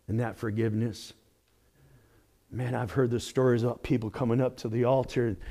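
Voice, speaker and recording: With a medium-pitched voice, a male pastor gives a lively sermon, shifting from loud exclamations down to hushed, quiet asides.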